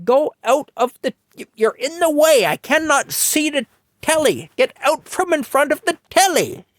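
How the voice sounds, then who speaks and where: A man voicing a cranky older British woman who gloats and bossily orders someone away, with a shrill, insistent British accent. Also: big pitch swings, normal speed, dry recording, studio quality. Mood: shooing, exasperated.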